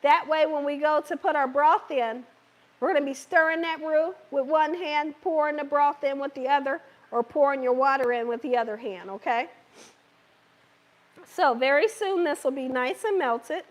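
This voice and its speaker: A woman with a hoarse, scratchy voice hosts a live cooking demonstration in her home kitchen. She talks in a chatty, reassuring way and keeps checking in with her viewers. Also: high-pitched, normal speed. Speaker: cooking channel host.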